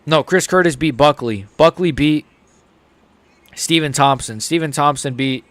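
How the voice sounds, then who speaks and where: A young man hosting a casual live reaction stream. He swings between mumbled asides and loud, excited outbursts. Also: a little high, unhurried, no room sound. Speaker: host.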